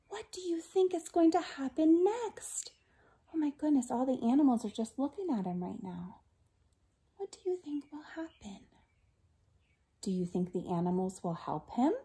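A woman reading a picture book aloud to children, expressive and animated, asking the listeners questions and sometimes dropping to a whisper. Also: medium pitch.

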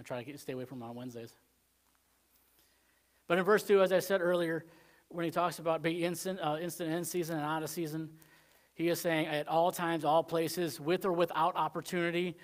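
A man preaching a Wednesday sermon in church in a rambling, conversational way, full of "you know" fillers, swinging between emphatic points and quiet asides. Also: fairly high pitch. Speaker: pastor.

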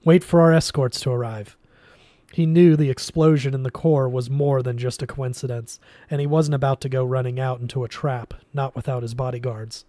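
A man reading a novel aloud in a steady storytelling manner, with occasional restarts. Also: mid-range voice, a little fast, hardly any pauses, dry recording, clean studio sound. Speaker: reader.

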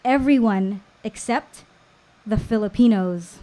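A woman in her thirties tells a personal story on stage at a small live show. Her voice sits a little high, and she takes her time, lingering in deliberate pauses between phrases. The delivery is warm with storytelling rhythm rather than chatty. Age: 30s.

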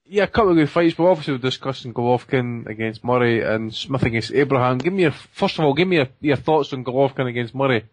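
A mid-pitched man hosting a casual podcast chat. He is blunt, profane and excitable. His voice sounds dry and close to the mic. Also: fast, hardly any pauses, no echo. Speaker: podcast host.

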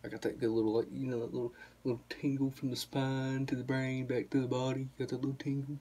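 Husky young man rambling. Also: medium pitch, little pitch movement, fast talker, warm tone. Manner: rambling, profane, chuckling storyteller. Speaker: vlogger. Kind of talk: casual storytelling to camera.

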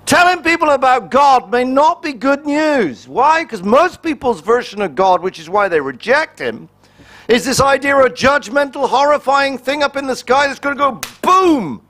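A man's voice: very high voice, lively intonation, normal speed, fairly bright tone. A man, a pastor, preaching a sermon in a conversational and humorous way, acting out little quoted exchanges.

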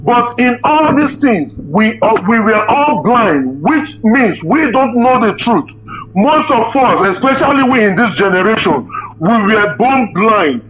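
A man's voice: high-pitched, big pitch swings, unhurried, a bit bright, low-quality recording. A man calling into a live Q&A, deferential to the host, addressing him as sir and restarting his sentences. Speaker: caller. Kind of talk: live Q&A call-in session.

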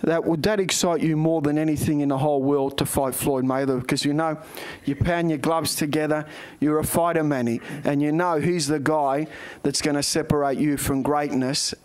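A man hosting a boxing show, asking questions in an energetic, loud way. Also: fairly high pitch, clean tone, no room sound. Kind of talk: interview.

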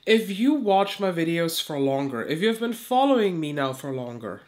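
A woman's voice: fairly low pitch, big pitch swings, normal speed, darkish tone. Stuffy, nasal woman with a cold. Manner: chatty, restarts and repeats phrases. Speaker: beauty YouTuber. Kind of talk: casual beauty review vlog.

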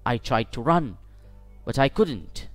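A man narrating a first-person short story for English learners in a measured, deliberate way. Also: mid-range voice, animated, no echo, soft background music. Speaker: audiobook narrator.

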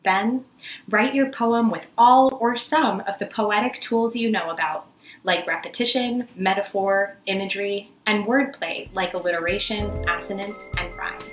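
A woman's voice: mid-range voice, unhurried. A woman hosting an online church arts lesson, talking in an upbeat, encouraging way. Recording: roomy echo.

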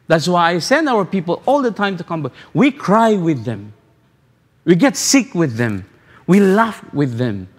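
A man pastor preaching a sermon, repeating phrases and asking rhetorical questions with halting restarts. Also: on the high side. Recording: long hall reverb.

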